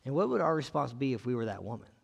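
A man's voice: medium pitch, very animated, racing, vocal fry, breathy edge, long reverb tail. A man preaching a conversational sermon, reading scripture and asking his listeners questions in a casual way. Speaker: pastor.

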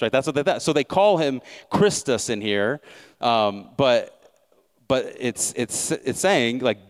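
A male pastor preaching a sermon in a conversational way, with sarcastic asides and frequent self-corrections. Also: medium pitch.

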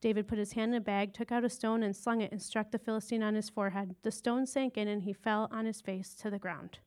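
A woman's voice: medium pitch, steady tone, a little fast, darkish tone, clean tone. A woman teaching a casual Bible lesson, retelling a story in a chatty, informal way with slang asides.

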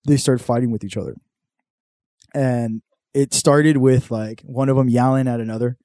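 A man's voice: mid-range voice, steady tone, normal speed, mellow, no echo, studio quality. Laid-back, swearing guy. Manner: laid-back storyteller, swears a lot, acts out quotes. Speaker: podcast host. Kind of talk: casual chat.

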